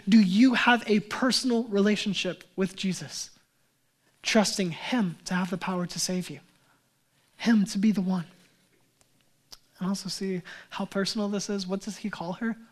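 A man with a high voice preaches a sermon in earnest. He builds to loud, emphatic passages, then drops to soft, low lines. He often restarts a phrase and repeats words as he goes. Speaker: pastor.

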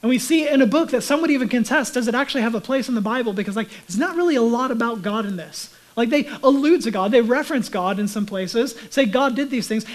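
A man giving a sermon as a pastor, talking conversationally and dropping to a hushed whisper for emphasis. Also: extremely high pitch, low-quality recording.

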